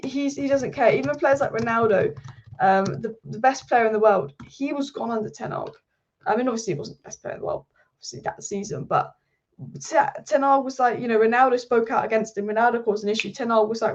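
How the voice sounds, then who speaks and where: A woman hosting a football channel, talking through transfer news in a passionate, rapid-fire way. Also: a little high. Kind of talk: casual football commentary monologue. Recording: slightly dull lo-fi audio.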